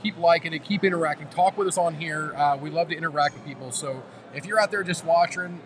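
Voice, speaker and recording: A man's voice: on the high side, fast talker. A man hosting a live podcast, rambling and playful, easily sidetracked. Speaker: podcast host. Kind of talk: casual live podcast chat.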